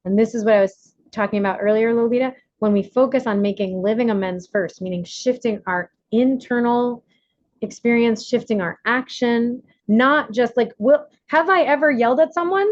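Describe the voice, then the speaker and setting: A woman facilitating an online recovery workshop on a video call, animated, acting out quotes with big jumps in pitch. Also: normal speed, no echo, dull audio.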